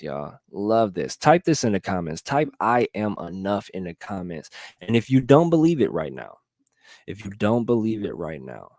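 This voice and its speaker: Earnest low-voiced man urging viewers. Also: a little mellow, no echo, studio quality. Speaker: motivational livestream host. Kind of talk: motivational talk.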